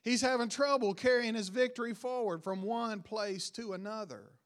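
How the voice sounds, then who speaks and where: A man preaching a sermon, retelling a Bible story with rising emphasis and quiet, dropped line endings. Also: high voice, normal speed.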